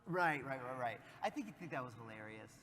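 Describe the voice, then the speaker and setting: A man's voice: mid-range voice, lively intonation, a bit bright. A man, a guest actor at a convention panel, joking casually with fans and restarting his sentences as he goes. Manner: playful, jokey, halting restarts. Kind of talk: convention Q&A chat. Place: convention center panel stage. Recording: noisy convention hall mic.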